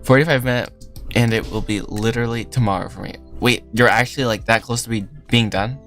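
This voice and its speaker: A man's voice: medium pitch, steady tone, fairly quick, fairly bright tone. A young man hosting a casual livestream, talking loosely while he works, rambling, trailing off and laughing often. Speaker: livestream host. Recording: faint lofi music behind.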